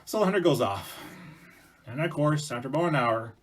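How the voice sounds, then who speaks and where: A man's voice: medium pitch, expressive, a little fast, breathy edge. A man telling a folk tale to a school audience in a casual, chatty way with asides to the listener. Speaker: storyteller presenting to schools. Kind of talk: casual oral storytelling.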